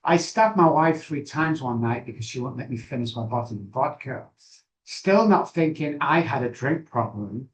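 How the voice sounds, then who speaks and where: A middle-aged man, speaking as an interview guest. He tells a personal story candidly, with frequent pauses and restarts. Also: medium pitch, expressive, poor audio. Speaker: guest, addiction recovery expert.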